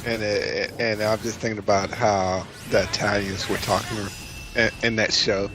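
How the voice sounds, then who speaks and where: Southern guy on a gaming stream, laid back, kinda hesitant, game music clearly going behind. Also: lowish voice, moderate pace. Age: adult. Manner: relaxed, hesitant, searches for words. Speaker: guest co-host. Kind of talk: casual gaming commentary chat.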